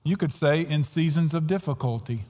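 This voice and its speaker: A man's voice: fairly high pitch, normal speed, mellow. A pastor preaching a sermon earnestly and emphatically, often repeating his words as he goes. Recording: long hall reverb.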